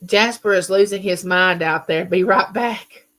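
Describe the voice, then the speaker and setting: A woman's voice: on the low side, unhurried, fairly bright tone. A middle-aged woman hosting a live chat, greeting viewers and reading their comments aloud. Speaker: livestream host.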